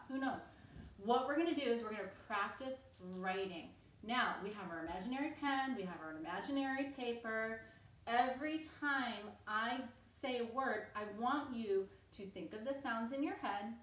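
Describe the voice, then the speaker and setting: A woman teaching a reading lesson to young children at home, upbeat and encouraging, speaking slowly and clearly. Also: on the high side, echoey room, recorded from a distance, slight background noise, low-quality recording.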